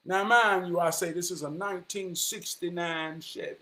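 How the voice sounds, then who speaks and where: A man, telling a personal story in an animated, vernacular way. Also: high voice, moderate pace. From Charlotte, North Carolina. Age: 40s. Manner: animated, vernacular, quotes people in dialogue.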